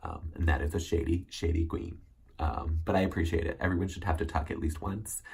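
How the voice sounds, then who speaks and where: A man's voice: low voice, fairly even intonation, a little fast, gravelly, darkish tone, slightly rough. A man hosting a solo recap show, chatting casually and rambling with many ums and self-corrections. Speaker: recap host.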